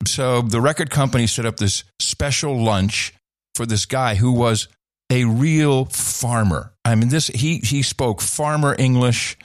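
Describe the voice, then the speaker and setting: A middle-aged man spins a story in an easy, casual way. He sounds mid-pitched and plain, often restarting his sentences. The recording is dry and close. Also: unhurried, no echo. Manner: rambling, with many restarts and laughs. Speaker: podcast host and former radio/TV host. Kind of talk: casual chat, anecdote telling.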